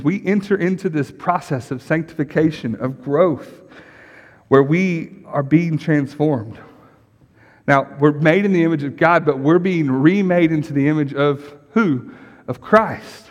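A middle-aged man delivers a sermon as a pastor, his voice sitting a little higher than most men's. He talks in an easy, conversational way, often asking the congregation questions and tagging lines with a quick check-in. The sound carries a long reverb from the church hall. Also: a little mellow. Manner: conversational, asks the congregation questions and repeats "right?".

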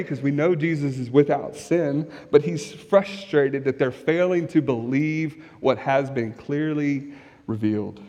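Preacher with a high voice in a reverberant hall. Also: male voice, a little mellow. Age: young adult or middle-aged, has kids. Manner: conversational, asks the congregation rhetorical questions. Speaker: pastor. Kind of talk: sermon.

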